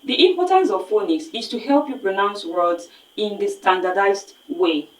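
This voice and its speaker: A woman's voice: medium pitch, moderate pace, distant mic. A woman with a Nigerian English accent giving an online phonics lesson, explaining emphatically and repeating words to model them. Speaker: phonics teacher. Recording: echoey room, voice set back from the mic.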